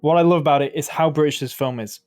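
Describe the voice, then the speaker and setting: A man's voice: a little high, steady tone, quick pace, a little mellow, soft background music. A man co-hosting a casual podcast, retelling film scenes with frequent laughter. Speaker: podcast co-host.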